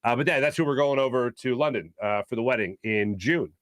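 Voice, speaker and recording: A man's voice: mid-range voice, brisk, a bit bright, no room sound, studio quality. A man hosting a sports talk show, chatting casually in a rambling way with lots of fillers. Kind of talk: casual sports radio chat.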